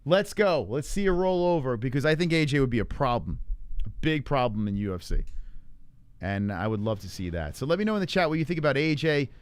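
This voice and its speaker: Man, live-stream host, casual fight chat, loose and profane, smooth clear voice, dry close mic. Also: mid-range voice, expressive, quick pace, dry recording. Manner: loose, profane, rambling with frequent fillers. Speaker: livestream MMA show host. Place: home in Arizona.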